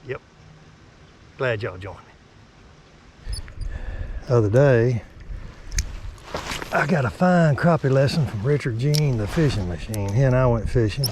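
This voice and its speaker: A middle-aged man from North Alabama talks in a chatty, folksy Southern drawl while fishing from a boat. His voice sits at an ordinary pitch and turns excitable as he goes along. Steady boat and water noise runs underneath him outdoors. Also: measured pace, pauses often. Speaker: fishing vlogger. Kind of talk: casual outdoor fishing vlog. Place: small boat on a creek outdoors.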